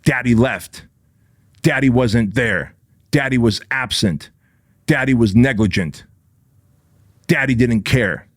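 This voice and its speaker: Forceful motivational man, dry close sound. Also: medium pitch, slow, long pauses, no echo. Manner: forceful, preachy, repetitive punchy phrasing, profane. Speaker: podcast host. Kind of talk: motivational monologue.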